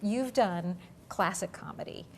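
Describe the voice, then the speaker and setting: A woman's voice: mid-range voice, a little slow, creaky, a little hiss or hum. A woman interviewing an actor, asking her questions with effusive enthusiasm. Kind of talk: casual interview chat.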